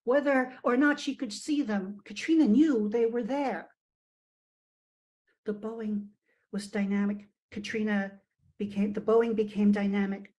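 A woman author reading her own fiction aloud at a virtual event, with expressive, shifting emphasis. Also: medium pitch, measured pace, low-quality recording.

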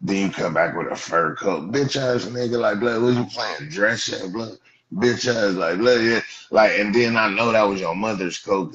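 Brief: deep male streamer, Los Angeles Black English, profane roast, keeps saying "blood", lo-fi sound. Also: a bit bright, a little hiss or hum. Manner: profane, mocking, repeats "blood" constantly. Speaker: livestream host. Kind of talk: roasting callers on a livestream. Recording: dull lo-fi stream audio.

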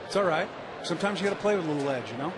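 A man's voice: a little high, lively intonation, racing, noisy background. A man doing color commentary on a baseball game, easygoing and snacking while he talks. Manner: easygoing, eating while talking.

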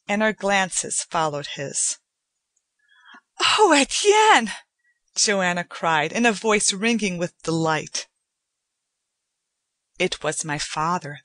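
Slow, low-voiced woman narrating a story. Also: sharp tone, no room sound. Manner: slow, measured, somber storytelling. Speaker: audiobook narrator. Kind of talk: scripted narration.

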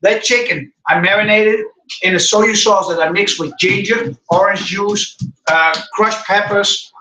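A man's voice: high voice, a little slow, sharp tone. A middle-aged man, hosting a casual live cooking stream and chatting to viewers in a rambling way. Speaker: cooking show host. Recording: echoey room, mic far off.

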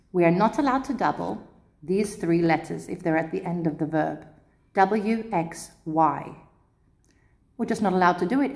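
A woman teaching an English spelling lesson, explaining the rules patiently and clearly with lively emphasis. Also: lowish voice. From Cyprus. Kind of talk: grammar lesson.

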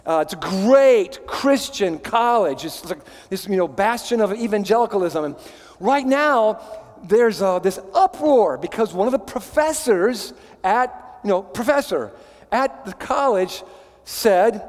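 A male pastor preaching a sermon in a church in a lively, conversational way, often stopping and restarting his sentences. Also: high-pitched, measured pace, big-room sound. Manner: animated, conversational, many restarts. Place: church sanctuary.

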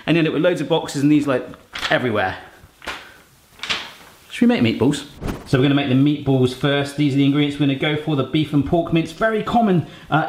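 A man's voice: a little high, a little hiss or hum. A man in his thirties chatting and joking through a cooking vlog in his home kitchen, with rambling asides. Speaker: cooking vlogger.

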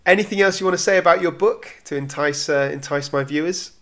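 A man's voice: a little high, quick pace, over a noisy crowd. A man hosting an interview, giving short, joking prompts in a casual way. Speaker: host.

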